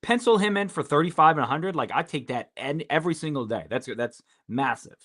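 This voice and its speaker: An easygoing man talks sports as a guest on a casual chat show. He often trips over his first words and starts again. His voice sits a little on the higher side for a man. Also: expressive, a little fast, fairly bright tone. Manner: stammering restarts, easygoing.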